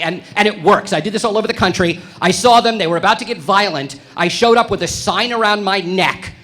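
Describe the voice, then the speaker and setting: A man performing a stand-up comedy set on a club stage, delivering provocative lines with deadpan brashness before each punchline. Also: high-pitched.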